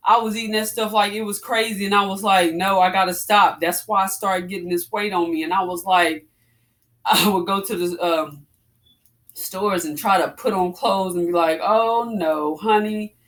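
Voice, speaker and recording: A woman in her forties chatting casually to her viewers while she works out, a little out of breath, calling them "y'all". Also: medium pitch. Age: 40s. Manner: chatty, addresses viewers as y'all, breathy exclamations between exercises. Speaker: fitness vlogger. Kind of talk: casual chat while working out.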